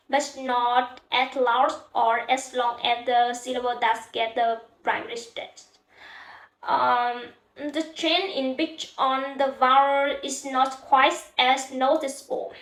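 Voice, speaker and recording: A woman's voice: high voice, fairly bright tone, echoey room, rough recording. A young woman with a Vietnamese accent gives a class presentation, hesitant and full of "uh" fillers. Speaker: student presenter. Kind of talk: class presentation on English stress.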